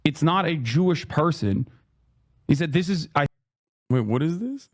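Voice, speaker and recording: A man's voice: fairly high pitch, expressive, unhurried, dry recording, studio quality. Profane, ranting male streamer. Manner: profane, heated ranting with sarcastic mockery. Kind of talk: live stream commentary.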